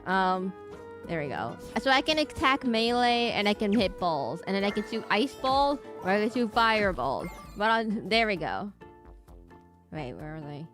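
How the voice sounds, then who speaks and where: A woman's voice: mid-range voice, sing-song, normal speed, a bit bright, faint music behind. Chatty lady vtuber streaming a game, talks on a desk mic, trails off and restarts a lot. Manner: rambling, chatty, frequent laughs and self-interruptions. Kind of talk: casual live-stream chat.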